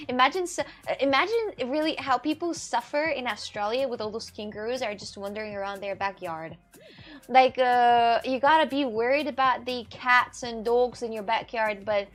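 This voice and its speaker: On a city walk outdoors, a chatty woman hosts a casual live stream, reading comments from chat aloud and laughing frequently with faint music in the background. Her voice is on the high side and a bit bright.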